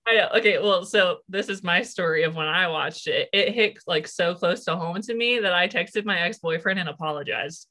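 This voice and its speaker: A young woman co-hosting a podcast in casual chat, talkative and quick to laugh, her voice jumping higher when she gets excited. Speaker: podcast co-host.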